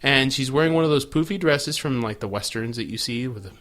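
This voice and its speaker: A male podcast co-host in easygoing chat, recapping a show with crude jokes and running commentary. His voice sits in an ordinary middle pitch. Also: brisk, fairly bright tone. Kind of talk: casual chat.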